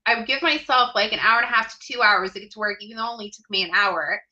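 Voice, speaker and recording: A woman in her thirties, a podcast guest, telling her personal story in an earnest, heartfelt way with hesitant pauses. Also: medium pitch, sharp tone, lo-fi sound.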